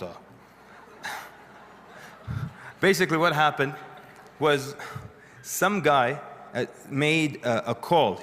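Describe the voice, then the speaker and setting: A man's voice: a little high, takes it slowly, pauses often, fairly bright tone, a little hiss or hum. Man lecturing in a reverberant hall. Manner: conversational storytelling with dry humorous asides. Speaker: speaker addressing an audience. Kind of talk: lecture to a live audience.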